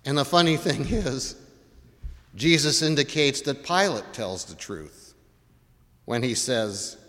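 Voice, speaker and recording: A man's voice: medium pitch, lively intonation, takes it slowly, pauses often, a bit bright, in a large hall. A man preaching a sermon as pastor, putting repeated questions to his congregation. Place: church.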